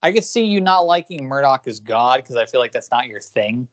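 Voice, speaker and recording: A man's voice: medium pitch, big pitch swings, fairly quick. Man, podcast co-host, casual chat, rambling, self-correcting. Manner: rambling, self-correcting, mimics songs loudly.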